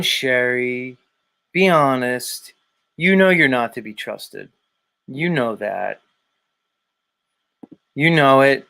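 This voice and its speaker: A man's voice: medium pitch, bright, forceful tone. Male stream host, casual and emphatic, hammering points with repetition. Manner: blunt, repetitive, emphatic lecturing. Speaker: show host. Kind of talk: casual live-stream chat reading viewer comments.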